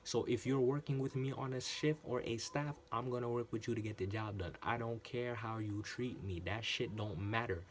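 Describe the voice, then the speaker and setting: A man's voice: mid-range voice, normal speed, hardly any pauses. Guy telling a story, medium voice, repeats himself a lot, swears, faint noise behind. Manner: animated, repetitive, swears casually. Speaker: channel host. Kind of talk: casual storytelling monologue.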